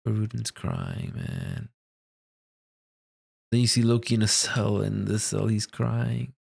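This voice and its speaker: A man hosting a casual reaction to a comic chapter, excitable and slangy, laughing often. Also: fairly low pitch, a little slow, creaky, breathy edge.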